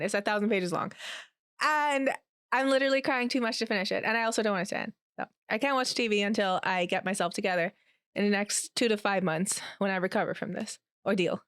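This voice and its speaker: A woman's voice: fairly high pitch, fairly bright tone, clean tone, dry recording, studio quality. A woman co-hosting a podcast, chatting in a playful, dramatic way. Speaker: podcast co-host. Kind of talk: casual chat.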